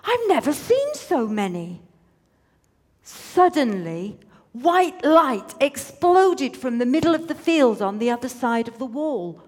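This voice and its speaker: A woman reading a story aloud with playful, teasing asides, in a room with a long reverb. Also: sits high.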